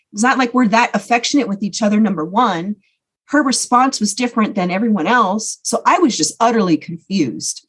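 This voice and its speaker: Woman, podcast guest, personal storytelling, candid, earnest, middle pitch. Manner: candid, earnest recounting of painful memories.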